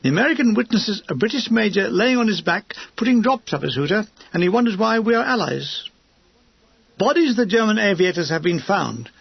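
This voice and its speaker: Male audiobook narrator, wry and dry, husky, in a dull, dry recording. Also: high-pitched, lively intonation, fairly quick, no room sound. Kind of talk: audiobook reading of a war memoir.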